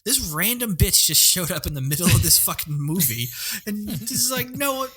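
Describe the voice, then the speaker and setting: A man's voice: sits high, lively intonation, moderate pace, bright, forceful tone. A man co-hosting a casual film podcast, ranting bluntly and profanely. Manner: blunt, profane, exasperated rants. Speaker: podcast co-host. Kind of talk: casual chat about a film.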